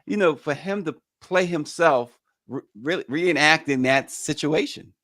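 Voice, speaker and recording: A man's voice: on the high side, measured pace, a bit bright, no room sound, clean studio sound. A man hosting a morning news show, reading headlines and chatting loosely with many fillers and restarts. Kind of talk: news talk and casual commentary.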